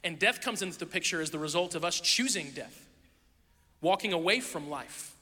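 A pastor with a high, very bright voice delivers a sermon in a conversational, storytelling way, slipping into playful asides. A man heard in a church sanctuary with a long reverb trailing his words. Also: expressive, moderate pace, husky.

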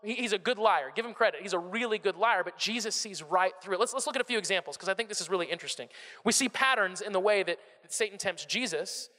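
High, bright-voiced preacher. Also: male voice, fast talker, big-room sound. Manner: conversational, animated, repeats words when starting phrases. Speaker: pastor. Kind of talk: sermon.

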